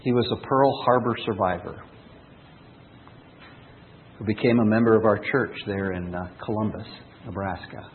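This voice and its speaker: A man's voice: on the low side, normal speed, pauses often, slight background noise. A man, a pastor, preaching a sermon earnestly, reading scripture and telling stories, with a tinny, phone-like sound. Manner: earnest, with lively rising and falling emphasis.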